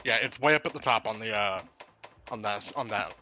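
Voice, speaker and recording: A man's voice: fairly low pitch, a little fast, bright, forceful tone, slight background noise. A man playing a game with friends, casually explaining game details in a knowledgeable way. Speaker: co-player. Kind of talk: casual gaming chat.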